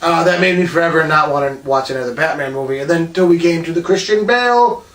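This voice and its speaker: A man's voice: on the high side, fast, a bit bright. A man co-hosting a casual podcast, talking animatedly and swearing constantly. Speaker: podcast co-host. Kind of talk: casual profane banter. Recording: roomy, distant mic.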